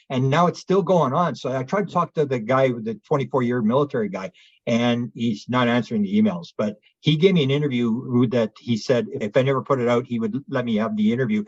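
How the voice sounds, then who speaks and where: A man's voice: medium pitch, darkish tone, husky, no room sound, dull audio. A man who is a guest on an interview show, telling a long story with energy and acting out the people he quotes. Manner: acts out quoted witnesses in raised voices. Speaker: interview guest, UFO researcher. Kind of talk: animated storytelling.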